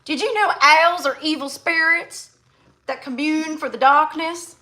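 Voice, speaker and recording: A woman voicing a preachy Southern religious zealot in a put-on Southern accent, high and sing-song. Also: unhurried, sharp tone.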